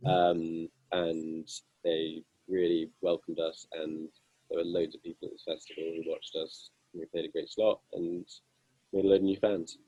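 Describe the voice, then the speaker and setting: A young man with a deep, husky voice tells rambling, self-mocking stories about his band's gigs. He is heard up close with a dry sound and no room echo. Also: flat delivery, moderate pace, dark tone, lo-fi sound. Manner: self-deprecating, amused, rambling with many fillers. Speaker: guitarist guest. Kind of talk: casual interview storytelling.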